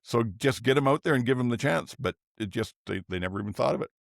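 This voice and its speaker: A man's voice: medium pitch, fast talker, gravelly, no room sound, clean studio sound. An older man hosting a podcast, chatting casually about football and thinking aloud as he goes. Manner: relaxed, thinks aloud with restarts. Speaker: podcast host. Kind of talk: casual sports chat.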